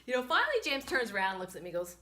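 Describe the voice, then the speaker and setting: Woman vlog host, bright and forceful tone, chatty storyteller with lots of "like" and "you know", handheld camera. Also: medium pitch, rapid-fire, slight background noise. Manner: animated, chatty, many fillers, laughs often. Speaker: host and spiritual medicine practitioner. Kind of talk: casual storytelling. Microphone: camera she holds herself.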